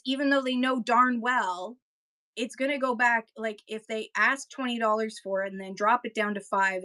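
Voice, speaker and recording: A woman's voice: fairly high pitch, pushed and bright. A woman hosting a live seller chat, talking casually and rambling, slipping into auctioneer patter, with a Kentucky accent. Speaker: host giving seller tips.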